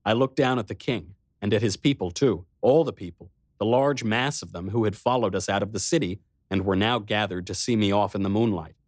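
A man reading a first-person adventure story aloud with expressive storytelling. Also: fairly low pitch, fairly quick, few pauses, dry recording, studio quality. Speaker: narrator. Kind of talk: first-person audiobook narration.

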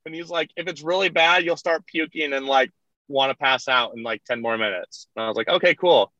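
A man's voice: mid-range voice, fairly quick, sharp tone, no echo. A young man telling a story in casual rambling style, full of "like" and laughing through his retellings. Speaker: podcast guest, kayaker. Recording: dull lo-fi dry sound.

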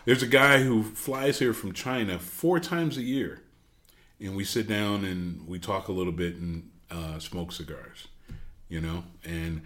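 A man telling a long story in casual chat, animated, with frequent fillers and restarts. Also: low voice, measured pace. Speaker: podcast storyteller.

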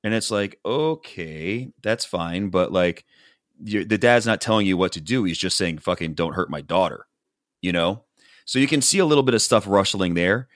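A man's voice: lowish voice, animated, moderate pace, fairly bright tone, dry recording, studio quality. A man casually recapping a reality show for a podcast, rambling with lots of fillers and acting out what people said. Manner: rambling storyteller, heavy "like" fillers, acts out quotes. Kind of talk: casual chat.

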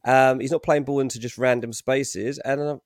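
A man's voice: medium pitch, fairly even intonation, moderate pace, no room sound, studio quality. A man giving his opinions on a football podcast, rambling and opinionated. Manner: opinionated, rambling, many fillers. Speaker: transfer pundit. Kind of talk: casual football podcast chat.

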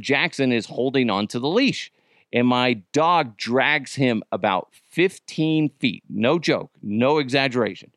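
Male comedy podcast host, mid-pitched, rambling casual chat, dry close sound. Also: a bit bright, no echo. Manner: rambling, with many restarts and asides.

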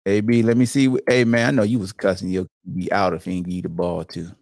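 A man's voice: sits low, fast talker, no room sound, studio quality. A man hosting a podcast, talking sports loosely and playfully, teasing rival fans. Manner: animated trash talk, playful and loose. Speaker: podcast host. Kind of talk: casual sports talk.

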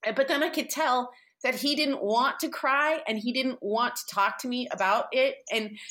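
Chatty woman, slightly high voice. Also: normal speed, pushed and bright. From San Francisco, US. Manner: rambling with many fillers and restarts, emotional, tearful at times. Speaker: podcast guest. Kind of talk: candid conversational storytelling.

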